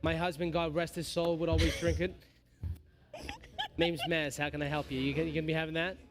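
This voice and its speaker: A man's voice: fairly high pitch, fairly even intonation, fairly quick, faint music behind, lightly acted. A man voicing a chatty, widowed human barmaid in a tabletop game, folksy and homely. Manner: homely, folksy, calls customers darling.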